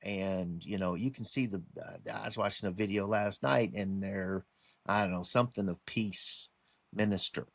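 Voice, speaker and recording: A man's voice: fairly low pitch, fairly even intonation, normal speed, creaky, no room sound. A man delivering a rambling casual monologue for his online channel, full of restarts and a warning tone. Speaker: religious commentary vlogger.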